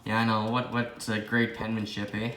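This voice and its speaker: A man's voice: on the low side, monotone, normal speed, fairly bright tone. A young man hosting a casual vlog, rambling and joking at his own expense as he talks to himself. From Canada. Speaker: clock collector host. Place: indoor room with ticking clocks. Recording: roomy echo, faint background noise.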